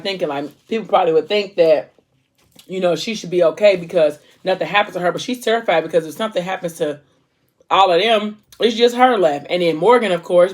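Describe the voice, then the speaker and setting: A woman book vlogger casually recapping a novel's plot in an emotional, animated way, with informal slang. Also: fairly low pitch.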